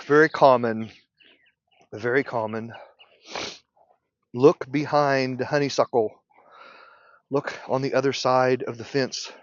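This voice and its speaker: Slow-talking beekeeper man outdoors. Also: medium pitch, steady tone, no echo, lo-fi sound. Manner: unhurried, thinking aloud, clears throat and coughs often. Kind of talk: casual teaching while working. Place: outdoor apiary.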